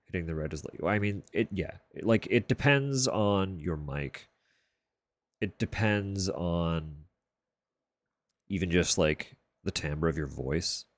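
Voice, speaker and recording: A man chats on his live stream from a room at home, keeping his very deep voice level and quiet. He talks slowly and loosely and swears in passing. The sound is dry and close, with no room echo. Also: animated. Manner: keeps voice level and low, swears casually. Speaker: livestreamer. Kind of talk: casual chat on a live stream. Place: room at home sharing a wall with a neighbor's bedroom.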